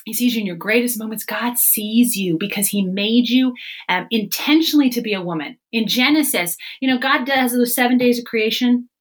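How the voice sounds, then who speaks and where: A woman on a faith podcast, talking fast and animated and acting out the voices she quotes. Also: fairly high pitch, low-quality recording. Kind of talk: casual faith podcast chat.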